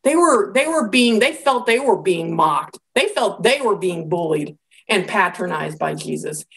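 A woman giving a conversational Bible lecture, telling the story in a lively way with casual asides. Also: medium pitch, a little slow, gravelly. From American Midwest.

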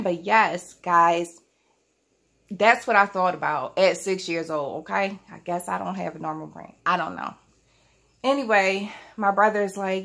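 Speaking a little slowly in a fairly low voice with noticeable gravelly fry, a vlogger at home, family around, shares a childhood memory with her viewers. She's chatty, casual, and talks straight to her audience in an easy storytime way.

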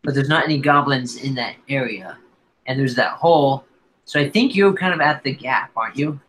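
A man narrating as dungeon master, talking slowly with many fillers. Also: mid-range voice, fairly bright tone, low-quality recording. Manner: slow, halting narration with fillers. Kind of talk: narrating a tabletop game. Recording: faint background noise.

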